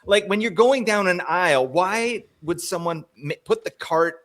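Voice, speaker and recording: A man co-hosting a fantasy hockey podcast, chatting casually in an animated, joking, rambling way. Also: sits high, measured pace, background noise. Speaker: co-host.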